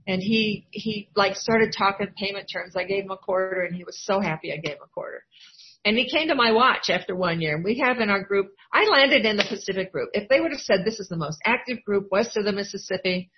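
An older woman from Iowa, medium-pitched and fairly quick, tells a meeting the story of her recovery. She's candid and voices the people she quotes. Her testimony comes through a dull, lo-fi recording with faint ambience.

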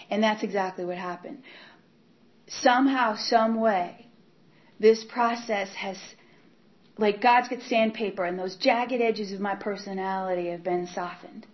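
A woman giving a candid personal testimony about her recovery, talking in a halting way with many repeats and fillers. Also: mid-range voice. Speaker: speaker sharing her recovery story. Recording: dull lo-fi recording.

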